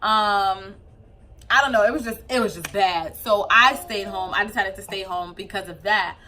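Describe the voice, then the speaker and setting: Chatty bright-voiced young woman vlogger. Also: mid-range voice, normal speed, a little hiss or hum. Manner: chatty, animated, loose with fillers. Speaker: mom vlogger. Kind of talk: casual chat to camera.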